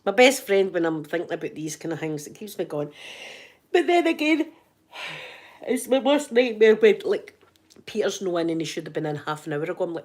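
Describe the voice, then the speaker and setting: A woman's voice: fairly low pitch, big pitch swings, moderate pace, darkish tone. A Scottish woman hosting an ASMR channel, chatting casually with live viewers in a giggly, joking, rambling way.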